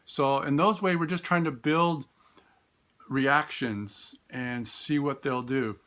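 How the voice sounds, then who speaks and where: A man, a special education teacher, telling classroom stories in a relaxed, storytelling way. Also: mid-range voice, slow. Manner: warm storytelling, acts out voices in quotes; frequent fillers and restarts. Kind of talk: informal talk with classroom stories.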